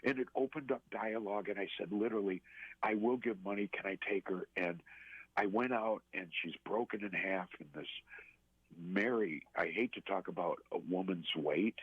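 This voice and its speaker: A man telling a personal story as a radio interview guest, earnest and halting, with many restarts. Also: sits low, husky, no echo. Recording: tinny phone line.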